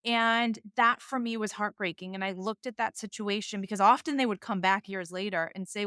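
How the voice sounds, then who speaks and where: A woman's voice: medium pitch, fairly quick, hardly any pauses, bright, forceful tone, dry recording, clean studio sound. A middle-aged woman with a Boston accent, a divorce attorney telling her own story candidly as a podcast guest. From Boston area, US. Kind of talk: podcast conversation.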